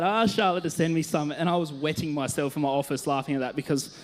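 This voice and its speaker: A man's voice: on the high side, fairly even intonation, quick pace, hardly any pauses. An Australian man, a youth worker, telling stories in a casual sermon on a church stage, chatty and self-mocking, laughing often.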